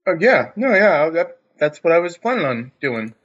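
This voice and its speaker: A man's voice: on the high side, sing-song, normal speed, a bit bright, slightly rough. A man playing a tabletop role-playing game, hesitantly describing what his character does. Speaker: player. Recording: dull lo-fi mic.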